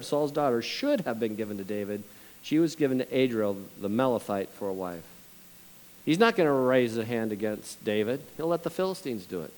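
A male pastor preaching a sermon in a lively, conversational way, asking his congregation questions and adding jokes between Bible readings. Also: medium pitch, poor audio.

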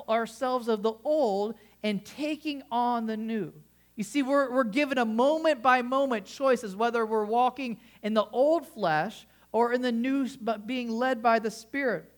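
A man's voice: very high-pitched, a little slow. A male pastor preaching a sermon in a conversational way, often restarting phrases and asking the congregation questions.

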